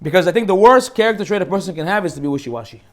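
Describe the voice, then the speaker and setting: Fast, high-voiced rabbi telling stories. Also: male voice, slight background noise. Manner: animated and joking, acts out characters. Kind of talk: informal Torah class with storytelling.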